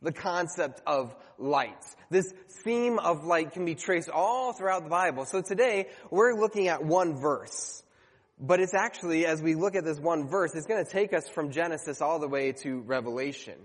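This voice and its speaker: A man's voice: a little high, animated, moderate pace, big-room sound. A man preaching a sermon to his congregation, earnest and conversational, sometimes stumbling and correcting himself.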